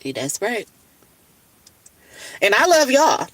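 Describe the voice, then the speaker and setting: A woman's voice: on the high side, big pitch swings, takes it slowly, a bit bright, a little hiss or hum, low-quality recording. A woman talking casually on a livestream from her phone, blunt and full of profanity. She rambles about love and self-care, tired and puffy-eyed after crying. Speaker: livestream host. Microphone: phone camera.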